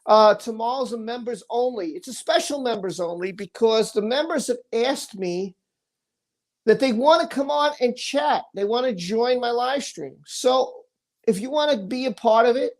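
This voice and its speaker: A woman's voice: fairly high pitch, moderate pace, a little mellow. A woman hosting a casual livestream, effusively thanking viewers and tumbling over her words. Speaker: livestream host.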